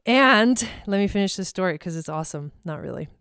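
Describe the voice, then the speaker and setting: A woman's voice: medium pitch, lively intonation, a little fast, a bit bright, clean tone, no echo, clean studio sound. A woman hosting a live tarot stream from home, chatting casually, swearing freely and laughing often. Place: her home.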